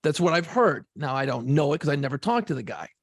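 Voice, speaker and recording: A man's voice: on the high side, sing-song, fast, no echo, clean studio sound. A man co-hosting a podcast in casual chat, telling stories animatedly and swearing freely. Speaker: podcast co-host.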